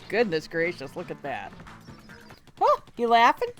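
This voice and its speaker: A man's voice: very high-pitched, wildly swooping pitch, slow, fairly bright tone, soft background music. A man hosting a casual reaction video, chatty and exclaiming, often laughing. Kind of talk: casual live reaction commentary.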